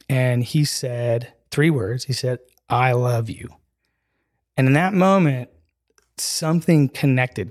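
An earnest man at a middle pitch, telling his own story to a podcast host. He talks casually and animatedly, slipping into the voices of the people he quotes and scattering "like" and "dude" throughout. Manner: animated storyteller who acts out dialogue with "I'm like" and "he's like"; earnest and emotional, with filler "like" and "dude". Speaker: podcast guest.

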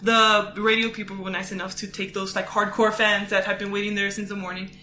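Bright-voiced woman gushing about concerts, echoey room, faint music. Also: mid-range voice, level tone, fairly quick. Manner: enthusiastic, chatty. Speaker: podcast guest. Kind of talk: casual chat.

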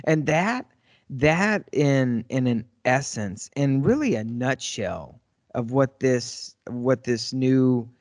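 A man co-hosting a casual talk show, reacting briefly and speaking in halting restarts. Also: mid-range voice, darkish tone, no room sound, studio quality. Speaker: co-host. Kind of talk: casual chat.

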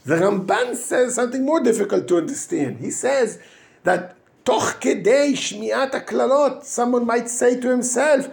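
Rabbi, high and gravelly, lively teaching delivery with frequent restarts. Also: male voice. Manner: animated, acts out quoted speakers in raised voices; halting restarts while searching for English words. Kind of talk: weekly Torah talk.

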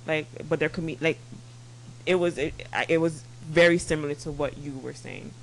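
A woman's voice: sits low, moderate pace, a little hiss or hum, poor audio. A woman hosting a podcast in casual chat, laughing easily between chatty remarks. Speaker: podcast host.

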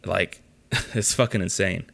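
A man's voice: low voice, fairly even intonation, a little slow, creaky, a bit bright. A young man hosting a podcast, telling a story in a casual rant, exasperated and full of swearing. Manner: exasperated, profane ranting. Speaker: podcast host.

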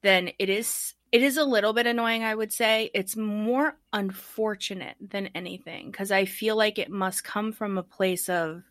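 Bright-voiced woman reflecting aloud. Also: medium pitch, normal speed, few pauses, no room sound, clean studio sound. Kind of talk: casual group discussion.

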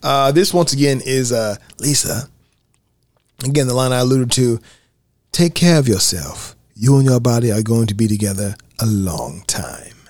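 A man co-hosts a casual movie podcast in an easygoing, mid-pitched voice. He reads out favorite lines between comments, recorded close and dry. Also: moderate pace, no room sound. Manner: relaxed, reads favorite movie quotes aloud. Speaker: podcast co-host. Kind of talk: casual film commentary chat.

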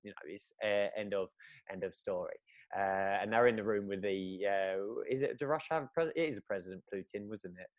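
A man chats casually, retelling a story in long rambling runs full of "uh" and restarts. His voice sits a little low, and the recording is close and dry with no room sound. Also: a little fast, no echo. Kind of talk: casual chat.

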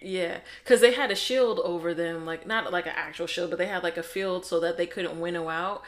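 A woman's voice: fairly low pitch, a little fast. A woman co-hosting a book review podcast, retelling the plot in casual chat and acting out the characters' lines.

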